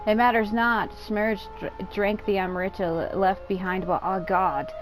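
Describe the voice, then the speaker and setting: A woman's voice: mid-range voice, moderate pace, a little mellow, close to an everyday voice, rough recording. A woman voicing a solemn, dutiful female spirit while reading game dialogue aloud, in an odd formal accent she slips into. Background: game music.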